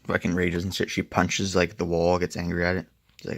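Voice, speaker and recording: A young man with a low, gravelly voice rambles through a comic review, swearing freely and tossing in "like" every few words. The sound is close and dry. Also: fairly even intonation, normal speed, fairly bright tone, no room sound. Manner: rambling, profane, filler-heavy. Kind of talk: casual review chat.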